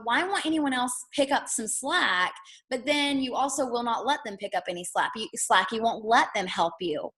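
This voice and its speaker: A woman's voice: medium pitch, a bit bright. Chatty woman teaching over a video call. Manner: chatty, retells stories with quoted voices. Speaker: workshop host. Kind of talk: casual teaching talk.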